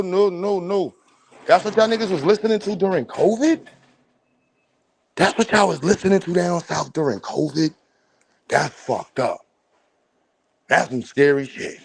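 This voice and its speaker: A young adult man, hosting a casual livestream rant, loud and profane, streaming from a phone at home. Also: sits high, measured pace, creaky, long pauses. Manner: loud, animated, profane storytelling with bursts of laughter. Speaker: stream host. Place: at home, moving between a room and the doorway outside.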